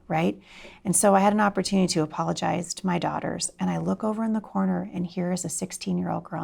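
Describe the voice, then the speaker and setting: A middle-aged woman telling a personal story in an interview, animated and expressive, acting out voices and sinking to a soft near-whisper at tender moments. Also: mid-range voice, creaky. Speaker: homeschooling speaker.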